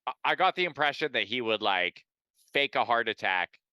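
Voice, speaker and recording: A man's voice: medium pitch, moderate pace, clear, resonant tone, dry recording, low-quality recording. A man co-hosting a comedy podcast, reading odd news aloud and riffing on it with lots of swearing. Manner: profane, riffing, animated storyteller. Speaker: podcast co-host.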